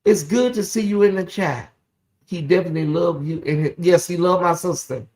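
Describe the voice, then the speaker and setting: A livestream host giving casual gossip commentary, chatting straight to viewers and reading their comments aloud. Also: fairly quick. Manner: swings into loud, high exclamations when excited.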